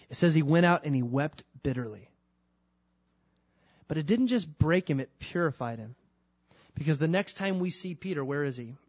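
A man's voice: mid-range voice, a little mellow, no echo. Conversational male preacher, dry sound. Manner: conversational, emphatic storytelling. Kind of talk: sermon.

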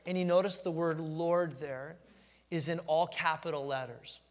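A middle-aged man preaching a sermon as pastor, telling stories with animated energy and slowing down to stress key phrases. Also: fairly high pitch, big-room sound. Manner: animated storytelling, emphatic, slows down to stress phrases.

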